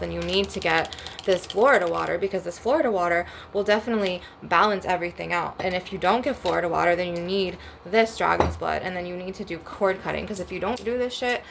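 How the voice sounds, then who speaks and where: Blunt, profane woman with a gravelly voice. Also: fairly low pitch, noisy background. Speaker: spiritual vlogger. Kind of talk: casual storytime rant.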